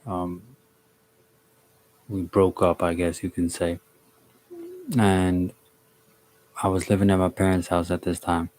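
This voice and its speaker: Young man, low voice, flat delivery, halting storytelling, lots of restarts, blunt and sweary, chatting to a live stream. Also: slight background noise. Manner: halting, with many restarts and fillers. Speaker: live streamer reading chat. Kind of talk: casual storytelling to a live chat.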